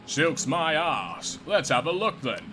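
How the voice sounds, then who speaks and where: A man voicing a suspicious, gruff male city guard in a video game, drawling as he interrogates. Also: on the high side, big pitch swings, slow, music in the background. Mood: threatening.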